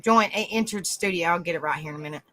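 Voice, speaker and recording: A woman's voice: lowish voice, rapid-fire, pushed and bright, low-quality recording. A woman hosting a livestream, talking casually and calling her guests honey and darling. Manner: calls people honey and darling. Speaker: livestream host.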